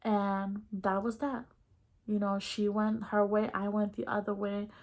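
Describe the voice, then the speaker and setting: A woman's voice: medium pitch, a little slow. A young adult woman vlogger telling a personal story in a candid, casual, slangy way, acting out the dialogue as she goes. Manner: candid, expressive, slangy retelling; acts out quoted dialogue in her story.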